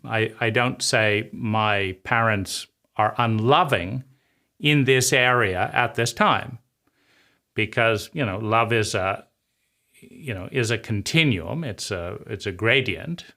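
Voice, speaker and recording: A man hosting a reflective personal-growth monologue, often voicing a small child's inner thoughts, with emphatic repetition and halting restarts that trail off quietly. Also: on the low side. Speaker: channel host.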